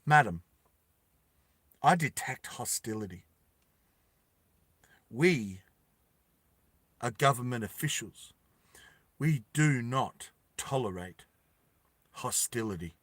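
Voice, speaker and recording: A man voicing stern male government officials who talk slowly and formally. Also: mid-range voice, animated, a bit bright, no room sound, pitched below the performer's own voice.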